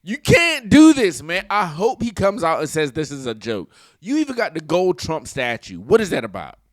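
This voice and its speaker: A man giving casual vlog commentary, animated and laughing often as he reacts to a clip. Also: on the high side, normal speed, no echo, clean studio sound. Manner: animated, laughs often, talks back at clips.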